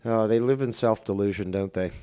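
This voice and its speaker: A man's voice: fairly low pitch, a little fast, mellow, clear, resonant tone. A man hosting a casual online show, reading out viewer comments with wry, dry commentary. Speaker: host.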